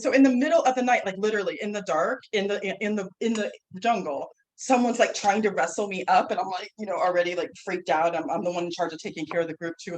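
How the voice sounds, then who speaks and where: A woman teaching a class, telling a story in a lively, rambling way, full of restarts and "like", standing away from the microphone. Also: on the low side, a little hiss or hum, poor audio. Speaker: herbal instructor and guest speaker. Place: classroom, speaking away from the mic.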